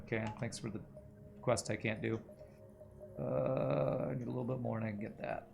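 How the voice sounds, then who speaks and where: A man's voice: on the low side, animated, normal speed, vocal fry, lo-fi sound. A man streaming a video game, casually chatting and telling a rambling story while he plays. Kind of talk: casual gameplay commentary. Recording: faint game music behind. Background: faint game music.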